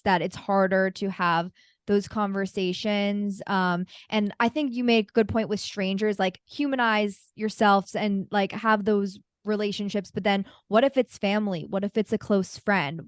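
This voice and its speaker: A woman's voice: medium pitch, clean tone, dry recording, studio quality. A young woman hosting a casual interview, asking probing questions and using lots of likes. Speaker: podcast host.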